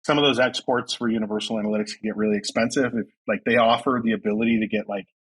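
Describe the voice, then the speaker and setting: A man from Ohio, a company founder, explaining things as a podcast guest in a relaxed way with lots of fillers. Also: lowish voice, racing, slightly rough, low-quality recording. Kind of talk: casual interview chat.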